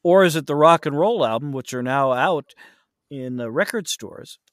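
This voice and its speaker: A man's voice: on the high side, expressive, moderate pace, dry recording, clean studio sound. A man who narrates audiobooks, chatting casually in an interview, rambling with many fillers and restarts.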